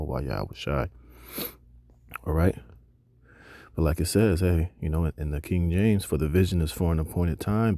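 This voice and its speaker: Deep, dark-voiced male Bible teacher. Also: dry recording. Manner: emphatic, preacherly, casual slang asides. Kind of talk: scripture reading and sermon.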